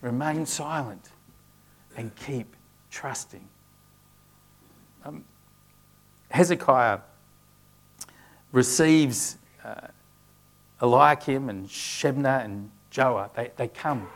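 A man's voice: mid-range voice, very slow, long pauses. A man preaching a sermon, earnest, with frequent restarts as he works through a scripture passage.

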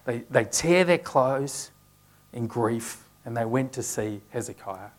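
A man's voice: mid-range voice, animated, slow pace. A man preaching a sermon, earnest, with frequent restarts as he works through a scripture passage.

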